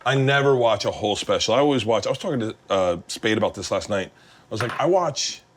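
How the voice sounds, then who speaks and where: A man's voice: fairly low pitch, animated, brisk. A man in his fifties hosting a cooking talk show, chatting casually while he cooks, rambling through stories with lots of swearing and frequent laughter. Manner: profane, rambling storyteller, laughs often.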